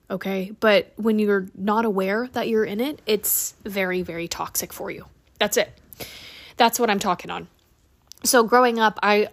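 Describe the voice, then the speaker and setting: A young woman hosting her own podcast, talking in a candid, animated way, swearing freely and laughing at herself as she tells a personal story. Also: mid-range voice. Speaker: podcast host. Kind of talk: casual solo podcast monologue.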